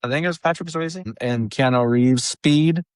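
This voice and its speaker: A man's voice: moderate pace, slight background noise. A man co-hosting a podcast, chatting animatedly about movies. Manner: animated, does silly high voices when quoting. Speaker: podcast co-host. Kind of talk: casual chat.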